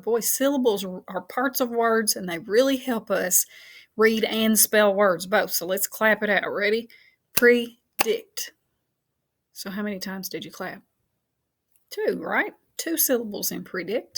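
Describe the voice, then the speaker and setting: Speaking in a mid-range voice, a female teacher records a phonics lesson for kids. She slowly spells and counts things out, stays patient and encouraging, and laughs when she makes a slip.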